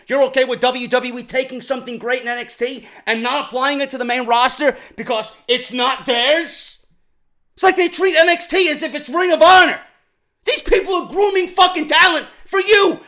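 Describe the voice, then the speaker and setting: A man from New York giving a heated, profane review of a wrestling show, firing off repeated questions and often shouting. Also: very high voice.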